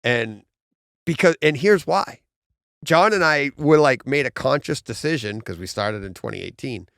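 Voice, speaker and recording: Gravelly middle-aged Boston man, rambling. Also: mid-range voice, animated, moderate pace, a bit bright, no echo, studio quality. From Massachusetts. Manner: rambling, laughs often, restarts. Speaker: podcast host. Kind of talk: casual chat.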